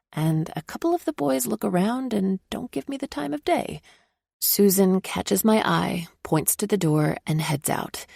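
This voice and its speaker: Expressive female audiobook narrator, low and gravelly, first-person romance. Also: dry recording, clean studio sound.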